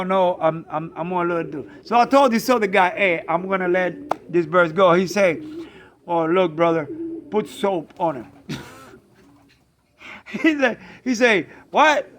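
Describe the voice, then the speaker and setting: A man casually telling a story, animated, acting out friends' voices and bird sounds. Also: sits high, normal speed. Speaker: pigeon fancier, channel host.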